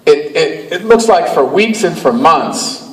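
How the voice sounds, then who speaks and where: A man's voice: on the high side, lively intonation, unhurried, a little hiss or hum. A man from Cleveland, Ohio giving a motivational speech to an audience, emphatic and storytelling, repeating his phrases. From Cleveland, Ohio, USA. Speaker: motivational speaker. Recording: echoey, far from the mic.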